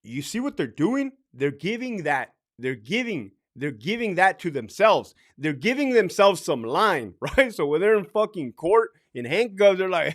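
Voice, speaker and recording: A man's voice: sits high, big pitch swings, measured pace, fairly bright tone. A middle-aged man and former corrections officer giving blunt, profane advice in a casual monologue. He laughs often and acts out other people's lines.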